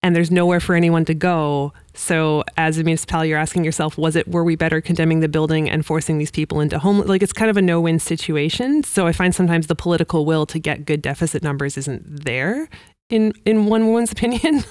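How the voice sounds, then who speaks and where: A woman's voice: low-pitched, fast, a little mellow, smooth, dry recording. A woman hosting a podcast interview, casual and conversational, asking follow-up questions. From Canada. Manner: casual, conversational, laughs lightly. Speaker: podcast host.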